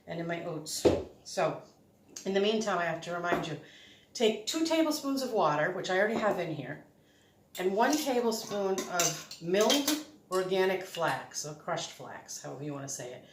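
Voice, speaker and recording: A woman's voice: on the low side, expressive, moderate pace. A woman hosting a casual home cooking demonstration, chatty and rambling, often correcting herself as she works. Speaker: home cook host. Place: home kitchen. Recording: echoey kitchen, faint noise.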